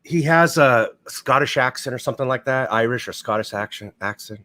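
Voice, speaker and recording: A man's voice: mid-range voice, a little fast, bright, forceful tone. A man hosting a casual livestream, swearing freely and rambling as he talks through gossip. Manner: profane, rambling, blunt. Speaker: livestream host.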